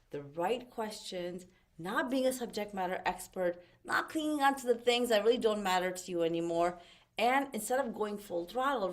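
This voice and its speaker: A middle-aged woman coaching in a motivational webinar. Her voice swings up and down in pitch and volume as she talks, at a middle pitch for a woman. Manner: expressive, with lively swings in pitch and loudness. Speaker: life coach.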